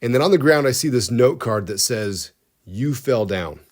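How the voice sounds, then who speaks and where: A man's voice: medium pitch, animated, brisk. A man co-hosting a podcast who tells a story in a casual, comic, rambling way and often cuts himself off mid-sentence. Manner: rambling, self-interrupting, comic. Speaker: podcast co-host.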